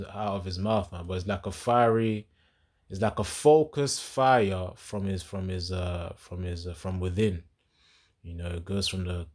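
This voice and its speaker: Deep-voiced casual man teaching scripture. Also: a little mellow. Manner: loose and chatty, laughs often, reads verses slowly and emphatically.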